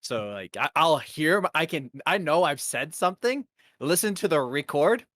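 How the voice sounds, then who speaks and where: A man chatting on a podcast in a halting way, stopping and restarting often. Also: a little high, sing-song, fairly bright tone, no echo, studio quality. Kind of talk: casual podcast chat.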